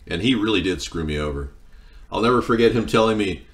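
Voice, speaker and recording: Cooking on a casual livestream, this host rambles through long, wandering stories and replies to comments from the chat. He speaks quickly in a medium-pitched voice.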